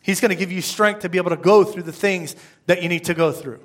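Man, pastor, sermon, slightly high voice, conversational, rhetorical questions. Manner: slows to a measured pace when reading scripture.

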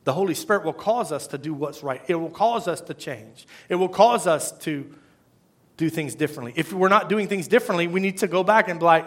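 A pastor delivers a sermon in a voice that sits a little high for a man. He talks to the congregation in a loose, conversational way, dropping to near hush and then rising to emphatic calls. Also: brisk. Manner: conversational preaching, swings from hushed to emphatic.

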